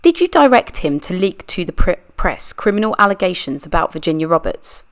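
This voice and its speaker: In a brisk, sing-song delivery with a lowish voice, a woman reenacts a deposition aloud for a true crime channel. She plays a persistent adult lawyer asking a witness methodical, pressing questions.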